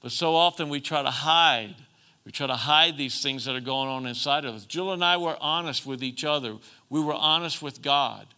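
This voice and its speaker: A man preaching a sermon as pastor, calling for amens and moving between emphatic and soft, earnest passages. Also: fairly high pitch, normal speed, smooth. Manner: preachy call-and-response, rising to emphatic then softening.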